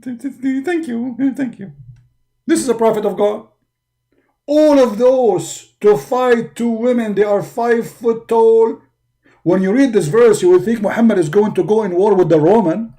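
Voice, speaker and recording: A man giving mocking satirical commentary in an animated way. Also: sits high, moderate pace. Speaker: religion critic.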